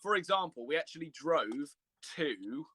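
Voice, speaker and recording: Bright-voiced young Englishman chatting. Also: on the high side, expressive, moderate pace, slight background noise. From England. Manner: chatty, laughs often, rambling with restarts. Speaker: co-host of a live stream. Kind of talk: casual chat on a live stream.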